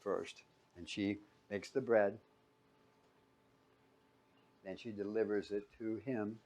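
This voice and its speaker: In a slow, steady-toned sermon, a male pastor puts questions to his listeners and responds to them on his own. He breaks out in sudden loud peaks and then falls back into quiet, low-voiced asides.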